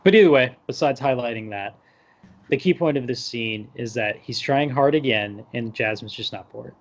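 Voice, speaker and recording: A young man talks through a movie scene by scene on a podcast, in a relaxed conversational voice at a middle pitch. He rambles and fills his talk with "like", breaking into little impressions of the characters, and he sounds close to a podcast mic. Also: moderate pace. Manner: loose, rambling recap full of "like" and mock quotes. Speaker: podcast host. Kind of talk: casual movie discussion. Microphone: podcast microphone.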